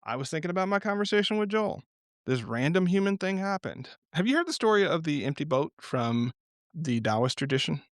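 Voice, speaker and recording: A man's voice: fairly high pitch, fairly quick, dry recording. Reflective man in a dry, close recording. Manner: reflective, animated storytelling with frequent laughs. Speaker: podcast guest. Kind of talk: unscripted podcast conversation.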